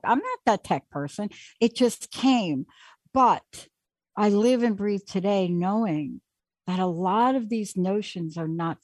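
A woman hosting a call-in talk show, talking in an animated, chatty way and taking callers. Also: mid-range voice, dry recording. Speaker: host.

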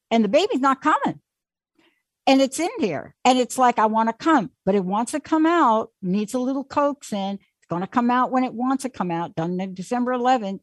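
A woman hosting a call-in radio show, her voice pitched a little high and sounding dry and close to the studio mic. She talks emphatically and pushes her caller along with a coaxing insistence. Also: no echo. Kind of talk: casual call-in coaching.

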